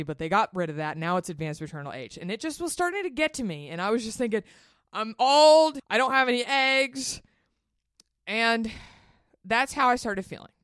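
A woman hosting a solo podcast, talking candidly and animatedly, swearing freely and jumping up high in pitch when she gets worked up. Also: fairly bright tone, dry recording, clean studio sound. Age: 30s. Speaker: podcast host. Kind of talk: casual solo podcast monologue.

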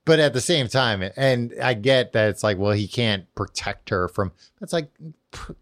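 A man co-hosting a podcast, walking through a book's plot in loose, rambling casual chat. He leans on fillers and restarts and laughs often. His voice sits at an ordinary middle pitch, and the recording is dry and close. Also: expressive, moderate pace, fairly bright tone, dry recording. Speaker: podcast co-host. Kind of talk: casual chat recapping a book.

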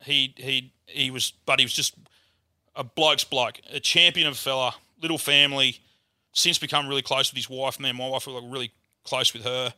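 Australian man, podcast guest, bright edgy tone, loose swear-heavy storyteller. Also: mid-range voice, fairly even intonation, normal speed, no echo, clean studio sound. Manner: swears freely, rambling yarn-telling. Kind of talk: casual storytelling chat.

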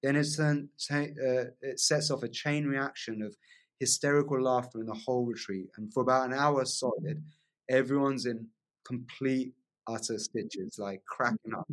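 A man telling a long personal story as a podcast guest, in a lively casual way, often asking "right?" along the way. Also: medium pitch, normal speed. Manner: animated storyteller, frequent "like" and "right?" tags.

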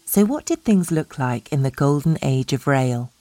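A woman narrating a feature in a measured, polished, scripted way. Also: extremely low pitch, expressive, warm tone, no echo.

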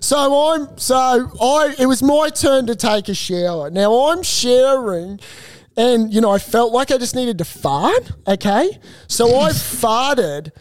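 A man's voice: very high-pitched, animated, unhurried, no room sound. A young Australian man co-hosting a podcast, telling crude rambling stories with plenty of swearing. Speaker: podcast co-host. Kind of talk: casual banter.

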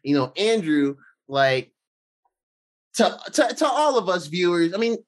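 A man co-hosting a casual movie talk show, rambling excitedly and acting out scenes with lots of fillers. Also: sits high, unhurried. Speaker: podcast co-host.

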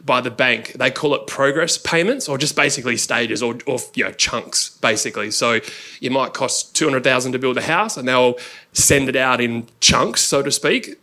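A man's voice: mid-range voice, normal speed, pushed and bright. A man with an Australian accent, a mortgage broker, explaining loans plainly and in a friendly way at a live Q&A.

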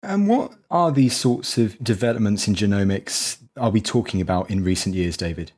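A man's voice: lowish voice, animated, moderate pace, darkish tone, husky. A man hosting a history interview, asking questions in an enthusiastic, effusive way. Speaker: podcast host.

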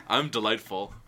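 A man's voice: medium pitch, sharp tone, breathy edge. A man co-hosting a casual podcast, teasing his friend and laughing often. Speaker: podcast co-host.

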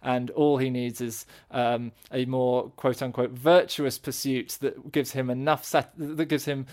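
A man's voice: mid-range voice, little pitch movement, unhurried, a little mellow. A man in casual podcast chat, thinking aloud and searching for his words. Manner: thoughtful, searching for words, many restarts.

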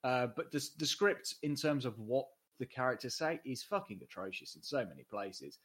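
A man's voice: mid-range voice, big pitch swings, moderate pace, fairly bright tone, slightly rough. Blunt sweary guy ranting about movies on a podcast, casual chat. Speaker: podcast co-host. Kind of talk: casual film discussion.

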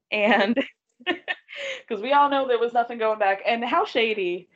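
Animated woman with a dull lo-fi sound. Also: a little high, measured pace. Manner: animated, quotes people in put-on voices, laughs often. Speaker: podcast co-host recapping a reality show. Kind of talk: casual chat.

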